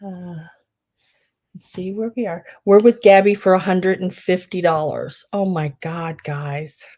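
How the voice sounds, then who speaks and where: A woman hosting a live online sale, tearful and crying as she talks, emotional and grateful, halting between her words. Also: lowish voice, steady tone, warm tone. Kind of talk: live-streamed auction chat.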